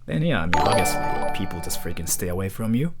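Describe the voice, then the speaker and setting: A man's voice: low voice, very animated, fast, loud music behind the voice. A man casually reading out donations on a live stream, rambling and joking in a playfully awkward way.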